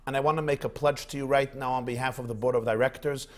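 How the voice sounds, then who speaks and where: A calm, apologetic school principal, put on by a male lecturer. He speaks in soft, placating tones. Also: mid-range voice, fast, close to an everyday voice.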